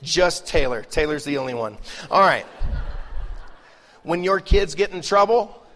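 A middle-aged male pastor preaching a lively, joking sermon, swinging between loud bursts and hushed asides. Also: fairly high pitch, measured pace. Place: large church hall. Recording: live sermon with long hall reverb.

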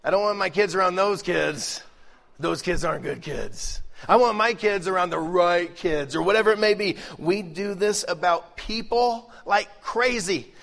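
A middle-aged male pastor preaching a lively, joking sermon, swinging between loud bursts and hushed asides. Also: sits high, normal speed, gravelly. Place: large church hall. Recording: live sermon with long hall reverb.

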